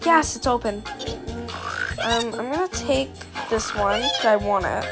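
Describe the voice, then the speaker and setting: Young woman, casual gameplay chat, self-conscious and sweary, high voice, music playing behind. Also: lively intonation, unhurried. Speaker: gaming video creator.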